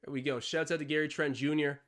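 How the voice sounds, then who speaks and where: A man's voice: fairly high pitch, fairly even intonation, quick pace, a bit bright. A young Canadian man hosting a live watch-along stream, mixing casual play-by-play with rambling chatty tangents.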